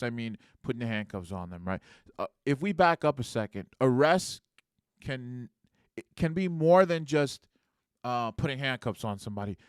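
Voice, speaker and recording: Man, podcast host, casual explaining, rhetorical asides, smooth clear voice, dry close sound. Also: mid-range voice, dry recording. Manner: conversational, rhetorical "right?" asides.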